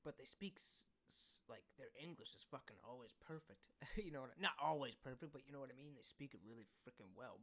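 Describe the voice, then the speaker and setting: A man hosting a reaction video, chatting casually, excitable and quick to giggle. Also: mid-range voice, gravelly.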